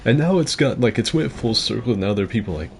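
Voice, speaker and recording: A man's voice: medium pitch, animated, quick pace, vocal fry, slight background noise. A man rambling casually as he comments on his own gameplay, with loose filler-heavy talk and swearing. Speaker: gaming streamer.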